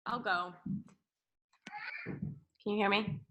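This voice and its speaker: A woman's voice: medium pitch, fairly even intonation, slow, fairly bright tone, muffled recording. A woman taking her turn on a group call, speaking casually and unhurriedly. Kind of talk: casual chat.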